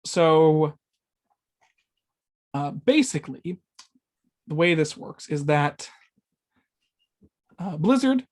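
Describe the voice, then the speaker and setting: A man's voice: on the high side, animated, drawn-out words, pauses often. A man hosting a casual gaming podcast, rambling with lots of fillers and stumbling over his words, swearing when he loses track. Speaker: podcast host.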